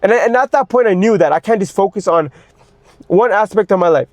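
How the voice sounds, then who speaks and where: A man's voice: high voice, expressive, a little fast, no echo. A young man and fitness coach in an unscripted personal monologue, intense and ranting, swearing heavily and repeating himself as he gets worked up. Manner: repeats words when worked up.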